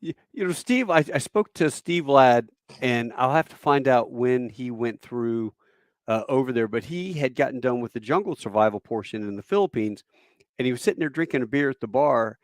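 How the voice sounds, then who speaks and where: A man's voice: medium pitch, expressive, moderate pace, no echo, clean studio sound. A man hosting a podcast, animatedly retelling a story and acting out the voices in it. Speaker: podcast host. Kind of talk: casual storytelling.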